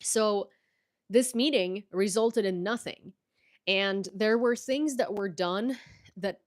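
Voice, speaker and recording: Blunt, profane woman with an American accent. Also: on the low side. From Ukraine. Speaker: livestream host. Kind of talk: casual political commentary livestream.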